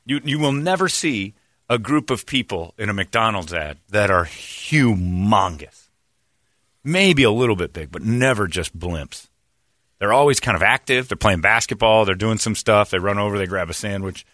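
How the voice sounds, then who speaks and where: A man's voice: fairly low pitch, animated, fairly quick, a bit bright, dry recording, clean studio sound. A man hosting a comedy podcast, ranting in a crude, sarcastic and emphatic way. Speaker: podcast host. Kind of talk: casual comedic rant.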